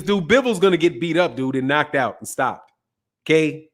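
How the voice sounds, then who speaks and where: A slightly high-pitched man with lively intonation talks at a normal speed. He's a Chicago boxing talk show host on a casual live stream, reading viewer chat and firing back brash, profane, emphatic answers, often repeating himself.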